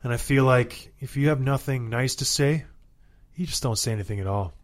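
A man in his thirties, a former hockey player co-hosting a casual sports chat, ranting in an animated, exasperated way and repeating himself for emphasis. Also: mid-range voice, moderate pace. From Canada.

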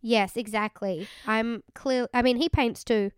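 A sarcastic woman co-hosts a casual podcast, blunt and quick to swear. Her voice is smooth and a little high, recorded close in a dry room. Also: steady tone, no echo. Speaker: podcast co-host. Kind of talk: casual chat recapping a reality show.

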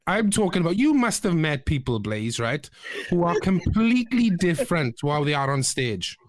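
A man's voice: a little high, very animated, moderate pace, dry recording. A man hosting a casual interview, agreeable and friendly, calling his guest brother. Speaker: podcast host.

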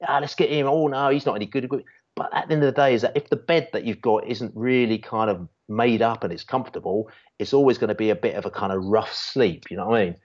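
On a football fan channel, a male guest with a lowish, darkish voice tells a long fan story in casual chat, talking fast with hardly any pauses. He rambles, restarting often and leaning on fillers. The recording sounds dull and lo-fi.

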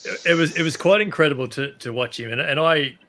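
A man hosting a podcast, chatting casually and acting out quotes with animation. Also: fast talker. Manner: animated, acts out quotes in higher voice. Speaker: podcast host. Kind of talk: casual chat.

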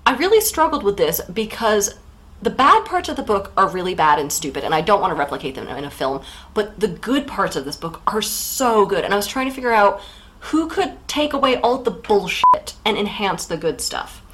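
A woman's voice: mid-range voice, very animated, fairly bright tone, poor audio. A woman co-hosting a book podcast in casual chat, candid and wry. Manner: candid, wry, quick asides. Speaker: podcast co-host.

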